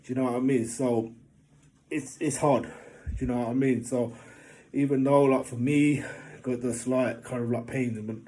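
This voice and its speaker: Man, mellow warm voice, casual rambling motivational talk. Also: mid-range voice, normal speed. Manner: rambling, keeps asking "do you know what I mean"; animated when telling funny stories. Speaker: motivational vlogger.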